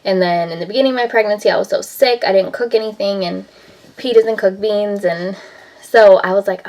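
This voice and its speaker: A woman talks casually as she cooks in her home kitchen. She rambles from one thought to the next and fills her speech with "like" and "um". She has a relaxed, everyday vlogging manner. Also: mid-range voice, brisk, rough recording. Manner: chatty, rambling, heavy use of "like" and "um". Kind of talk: casual vlog chat.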